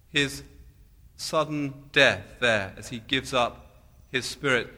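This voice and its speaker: A man delivering a sermon at an unhurried pace, leaning on repeated phrases. His voice is bright and forward, and it rings out with the long reverb of a large hall. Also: medium pitch, expressive. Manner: slow, deliberate preaching with emphatic repeated phrases. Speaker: preacher.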